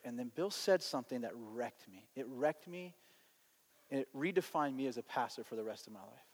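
A man, a pastor, telling a personal story in a sermon, animated and shifting between lively and hushed delivery. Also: medium pitch, a little fast. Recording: long hall reverb.

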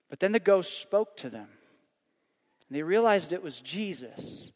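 High-voiced preacher in a reverberant hall. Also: male voice, lively intonation, a little slow. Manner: dramatic storytelling, surging then hushed prayer. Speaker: pastor. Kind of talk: sermon.

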